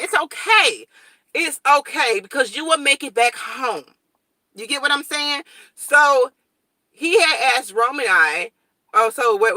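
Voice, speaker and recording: Blunt, bright-voiced young woman vlogger. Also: fairly high pitch, no echo. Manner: blunt, straightforward, animated storytelling. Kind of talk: casual morning chat to viewers.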